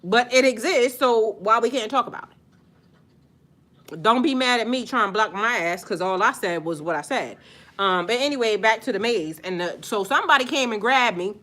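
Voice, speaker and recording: Bright-voiced woman ranting on a live stream. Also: on the high side, normal speed. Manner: animated, profane, slangy, talks straight to viewers. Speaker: spiritual vlogger live-streaming. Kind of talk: casual live-stream chat.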